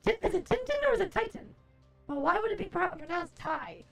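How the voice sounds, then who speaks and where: A woman streamer chatting casually, answering chat aloud, groaning, swearing and expressive. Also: extremely high pitch, fairly quick, creaky, faint music behind. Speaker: livestreamer.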